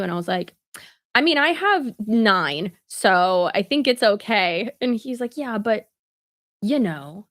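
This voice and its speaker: A woman's voice: medium pitch, animated. Chatty woman live-streaming. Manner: chatty, quick asides with laughs and fillers. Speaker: vlogger. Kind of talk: casual live-stream chat.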